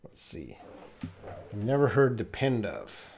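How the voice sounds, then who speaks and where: Male English teacher on a live Q&A stream, unhurried, blunt and direct with viewers. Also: fairly low pitch, big pitch swings, a little mellow, husky. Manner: reads viewer questions aloud and corrects them, blunt and direct.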